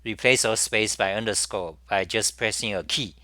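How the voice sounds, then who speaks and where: A man hosting a live software demo, thinking aloud with halting restarts and repeated words as he works. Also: fairly low pitch, no room sound. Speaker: programming tutorial host.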